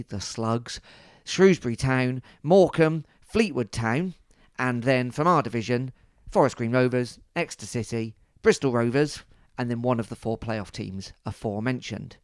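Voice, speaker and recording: A man's voice: mid-range voice, no room sound. Jokey male podcast co-host, dry sound. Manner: jokey, playful banter. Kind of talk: casual chat.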